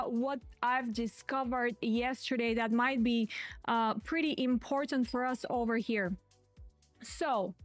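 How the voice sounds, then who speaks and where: A woman's voice: high voice, dry recording. A woman hosting a market livestream in a chatty way, often saying "you guys" and "right?", a little out of breath. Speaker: trading livestream host.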